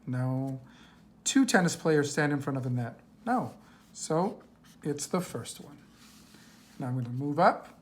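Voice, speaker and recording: A woman teacher reading a worksheet aloud to young children, patient and slow, asking questions and answering them herself. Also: sits low.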